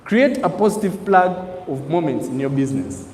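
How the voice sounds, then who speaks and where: A man's voice: fairly high pitch, animated, normal speed, a little mellow, slight background noise. A man giving an emphatic, preacher-like motivational training talk in a hall, asking the audience questions. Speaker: network marketing trainer. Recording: echoey hall, faint ambience.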